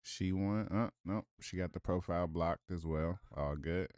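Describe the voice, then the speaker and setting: A man's voice: sits low, moderate pace, a little mellow, dry recording, studio quality. A man giving casual reaction commentary, reading viewer comments aloud with blunt, profane asides and rhetorical questions.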